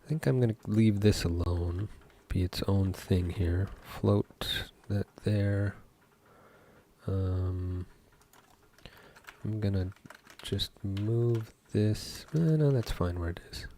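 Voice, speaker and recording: A game developer talks through his code in a deep, mellow voice. He goes slowly, thinking aloud with stops and fillers, while faint keyboard typing runs behind him. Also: a little hiss or hum. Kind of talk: live coding commentary.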